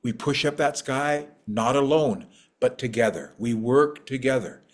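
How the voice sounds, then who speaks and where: A man telling a traditional story to an audience, rhythmic and repetitive, gently teaching as he goes. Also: mid-range voice, a little slow.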